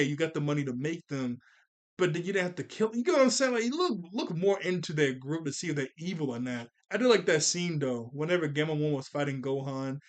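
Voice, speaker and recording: A man giving a casual anime review, excitable and rambling, with frequent restarts and laughs. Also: fairly high pitch. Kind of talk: casual commentary.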